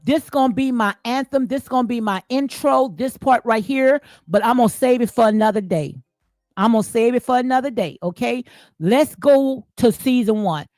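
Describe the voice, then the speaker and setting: High-voiced woman ranting blunt, aave slang, dry close mic, faint music behind. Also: moderate pace, darkish tone, no echo. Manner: blunt, preachy, repeats herself, slangy. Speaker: commentary channel host. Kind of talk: casual reaction commentary.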